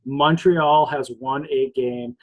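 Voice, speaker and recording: A man's voice: on the high side, steady tone, takes it slowly, muffled recording. A man co-hosting a casual sports podcast, joking and rambling, laughing often. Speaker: podcast co-host.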